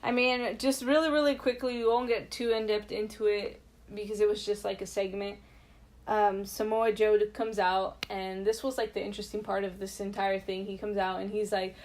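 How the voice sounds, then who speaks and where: A woman co-hosts a podcast in loose, casual chat. She is chatty and animated, and she leans on fillers and restarts. Her pitch sits in the middle range. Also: normal speed. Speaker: podcast co-host.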